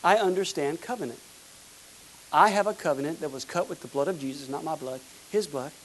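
A pastor from the United States, preaching a fervent sermon with emphatic repeated words. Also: male voice, fairly high pitch, a little fast, a little hiss or hum, rough recording.

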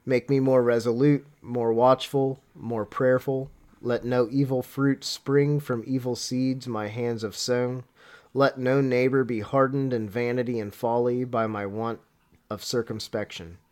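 A man hosting a podcast who is tired and sick with a cold, laughing often in chat and reading a prayer slowly and solemnly. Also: mid-range voice, little pitch movement, darkish tone. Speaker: podcast host.

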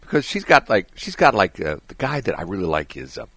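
Deep-voiced and speaking fast with a breathy edge, this morning radio host chats casually in a studio. He tells rambling, animated stories with chuckles, and the recording is dry.

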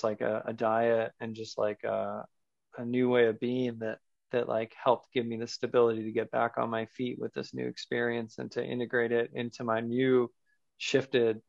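Guy on a podcast telling his story, earnest and rambly, dry muffled sound, kinda monotone. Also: mid-range voice, gravelly, no echo. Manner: earnest, searching, loose with fillers. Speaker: podcast guest. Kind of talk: personal storytelling in an interview. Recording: dull lo-fi sound.

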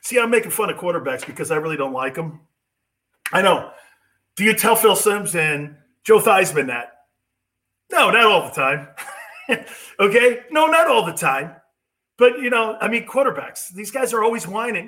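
A man's voice: high-pitched, very animated, moderate pace, bright, forceful tone. Middle-aged guy ranting on a sports show, mocking, voice swoops all over. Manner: brash, mocking, puts on whiny impressions. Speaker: sports talk show host. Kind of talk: opinionated sports talk monologue.

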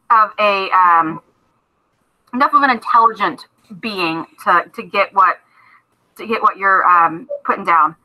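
A woman's voice: mid-range voice, pushed and bright, low-quality recording. A woman narrating a tabletop game as game master, chatty, with many fillers and restarts.

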